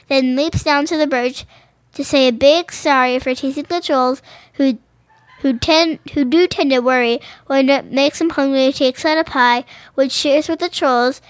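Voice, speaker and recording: Woman, high voice, dry close sound; reads picture books aloud, trips over lines, chats between pages. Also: dry recording. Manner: stumbling and rereading phrases, adding casual commentary. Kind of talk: reading children's books aloud with chatty asides.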